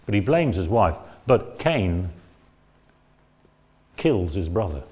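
Measured, lower-voiced male preacher. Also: very animated, mellow, highs cut off. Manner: measured, explanatory, frequent "uh" and "um" fillers. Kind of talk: expository Bible sermon.

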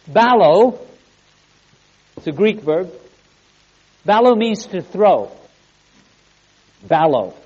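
A man's voice: high voice, a little mellow, muffled recording. A man preaching a sermon, earnest, repeating key words and putting questions to the congregation. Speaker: pastor.

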